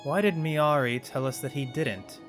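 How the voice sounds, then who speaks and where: A man's voice: on the high side, normal speed, soft background music. Man thinking aloud over a game. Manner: thinks aloud, reads game menus, self-mocking asides. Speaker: let's play host. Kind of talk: casual gameplay commentary.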